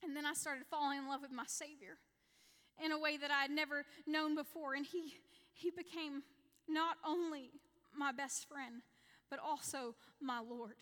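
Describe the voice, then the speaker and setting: Speaking with a high-pitched, fairly bright voice, fairly even intonation and a moderate pace, a women's ministry speaker in her thirties offers earnest personal testimony. Repetitive by design, she stresses key lines and acts out her prayers. The setting is a women's evening in a church hall with reverberant acoustics.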